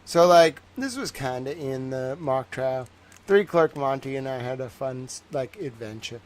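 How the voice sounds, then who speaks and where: A man's voice: mid-range voice, expressive, unhurried. Rambling Boston-accented young man streaming. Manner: rambling, joking, lots of fillers. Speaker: livestream host. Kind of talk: casual livestream chat.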